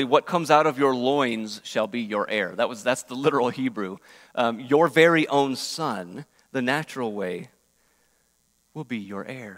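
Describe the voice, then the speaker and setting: A man preaching a sermon in earnest, at times dropping his voice very soft for quoted prayers. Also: medium pitch. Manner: earnest, varies loudness, drops to near-whispers on prayers. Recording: reverberant hall.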